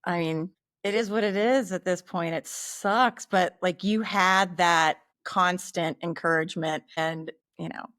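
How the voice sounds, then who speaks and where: A woman co-hosting a podcast in relaxed, supportive casual chat. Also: lowish voice, unhurried, no room sound, clean studio sound. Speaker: podcast co-host.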